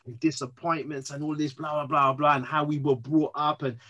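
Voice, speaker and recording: A man, speaking as a podcast guest, earnest and emotional, telling his story in an animated way. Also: a little high, a little fast, lo-fi sound. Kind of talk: candid interview conversation.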